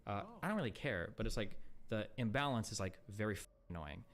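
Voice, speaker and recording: On his livestream, the streamer speaks expressively in a low-leaning voice, with a little hiss or hum in the audio. His talk is rapid, rambling, and profane, packed with fillers, and he comes across as blunt and exasperated.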